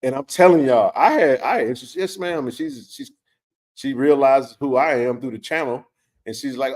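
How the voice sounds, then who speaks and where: A man hosting a live stream, telling a personal story in a loose, animated way with lots of fillers and restarts. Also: mid-range voice, normal speed. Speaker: livestream host. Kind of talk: casual storytelling to a live chat.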